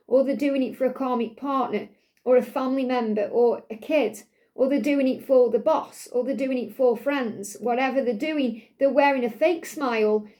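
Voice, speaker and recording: High-pitched female card reader, chatty spiritual monologue that circles back on itself. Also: a little mellow. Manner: chatty, repeats phrases, voices the cards' messages.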